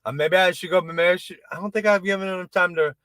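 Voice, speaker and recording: A man hosting a casual pop culture chat, rambling and excitable, restarting his sentences and swearing freely. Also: high voice, fast talker, no echo. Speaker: podcast host.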